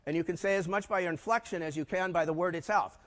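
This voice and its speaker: An older man giving a conference talk, telling lively stories and tossing rhetorical questions at the audience. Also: high-pitched, fast. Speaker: keynote speaker. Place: conference hall before a live audience. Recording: long reverb of a large hall.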